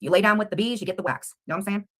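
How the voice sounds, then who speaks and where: A woman on a livestream rants straight at a rival, her words tumbling out quickly. Her voice sits in a middle pitch. She is combative and keeps hammering the same questions. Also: a bit bright. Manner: combative, addresses a rival directly with rapid questions. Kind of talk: confrontational livestream rant.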